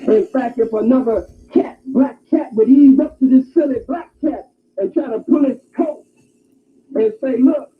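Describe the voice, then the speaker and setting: A man giving an impassioned lecture, telling an animated story and shouting at times, on a tinny old recording. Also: very high voice, unhurried. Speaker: speaker. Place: campus hall. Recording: tinny phone-like archive recording.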